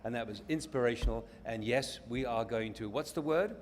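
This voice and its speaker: A man's voice: medium pitch, normal speed. A man with an English accent tells a long story to an audience at a company event, rambling and restarting his sentences. His voice carries a long echo from a big hall. A faint noise sits under it. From England.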